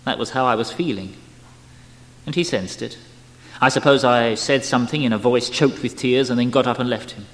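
A man giving an expressive, emotional dramatic reading of a spiritual memoir, his loudness swinging widely. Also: mid-range voice, normal speed. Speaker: reader. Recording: long hall reverb.

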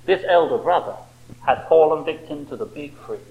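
A man's voice: a little high, moderate pace, gravelly, dull audio. A man preaching a sermon with impassioned rhetorical questions.

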